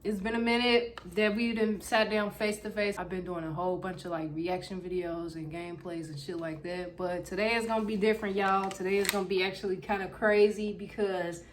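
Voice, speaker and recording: Loud, profane young woman vlogger. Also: medium pitch, fairly quick, few pauses, slight background noise. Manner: loud, animated, profane chatter. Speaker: YouTuber. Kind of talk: casual storytime vlog. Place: home room with backlight. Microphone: camera in front of her.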